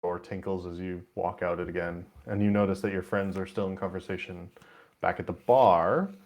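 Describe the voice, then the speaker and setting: Game master, male, lowish voice, laid-back narration. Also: steady tone, normal speed, darkish tone, a little hiss or hum.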